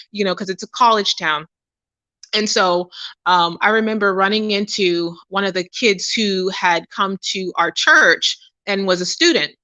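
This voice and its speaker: Bright-voiced woman telling stories. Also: mid-range voice, dry recording. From Pittsburgh. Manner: conversational, many fillers and asides. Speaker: podcast host. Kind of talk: casual storytelling. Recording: dry, dull lo-fi.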